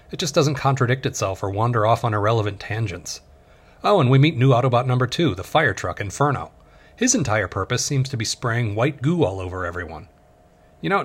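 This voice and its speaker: A man in his thirties narrating a sarcastic comedy review of an old cartoon, with deadpan asides. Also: mid-range voice.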